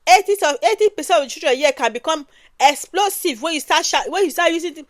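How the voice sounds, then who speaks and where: A woman's voice: sits high, lively intonation, fast talker, dry recording. A woman from Nigeria with a Nigerian accent giving emphatic casual commentary, repeating phrases and ending lines with "oh".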